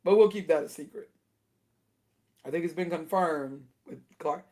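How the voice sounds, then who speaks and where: A woman's voice: sits low, normal speed. Indignant woman in casual commentary. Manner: indignant and animated, laughing between points. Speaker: video commentator.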